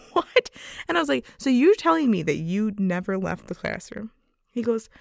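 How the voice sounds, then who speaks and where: Woman podcast co-host, casual storyteller, slightly gravelly, laughs a lot, dry mic. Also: mid-range voice, a little mellow, no echo. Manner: giggly storyteller, laughs often. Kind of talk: casual chat.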